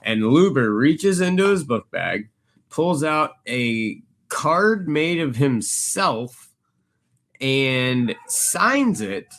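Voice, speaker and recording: A man's voice: mid-range voice, extremely slow. A man co-hosting a podcast, telling stories casually and acting out the people he quotes. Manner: animated storyteller, acts out quoted people in a raised voice. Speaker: podcast co-host.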